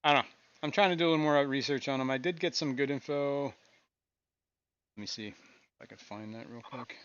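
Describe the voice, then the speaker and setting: A man hosting a casual live stream from his fish room, talking in a relaxed, rambling way with frequent chuckles. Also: medium pitch, a little fast, clear, resonant tone, no room sound, dull audio. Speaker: aquarium stream host.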